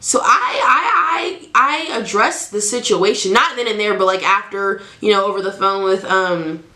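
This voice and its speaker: A young woman tells a personal story to her camera in a frank, chatty way. Her voice is bright, and it rings a little in an echoey room. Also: mid-range voice, normal speed. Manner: chatty, frank, animated, acts out quoted lines. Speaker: storytime vlogger.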